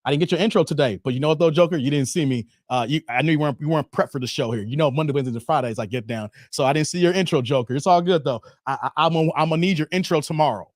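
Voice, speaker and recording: A man's voice: a little high, rapid-fire, hardly any pauses, dry recording, clean studio sound. A man hosting a livestream commentary, emphatic and rambling, who repeats himself and uses a lot of slang. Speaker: YouTube commentary host. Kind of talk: livestream commentary with donation shout-outs.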